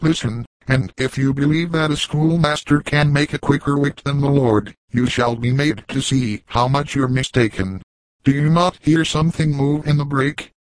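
A man voicing a shrewd old trapper, cool and measured in his old-fashioned way of speaking. The voice sits in a middle register and sounds close and dry, as in a storybook reading. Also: medium pitch, no room sound, natural voice, poor audio. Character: old veteran male woodsman trapper, calm and shrewd.

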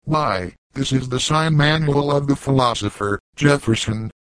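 A man's voice: mid-range voice, measured pace, a bit bright, no room sound, natural voice, low-quality recording. A man voicing a learned, pompous naturalist doctor who talks in a wordy, grave and formal way in a storybook reading.

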